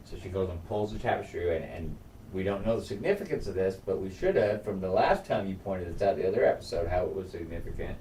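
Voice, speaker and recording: A man's voice: sits low, animated, fast, warm tone. A man in casual podcast chat, retelling a TV episode in a rambling, profane way with lots of restarts. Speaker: podcast co-host. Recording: echoey room, distant mic, faint noise.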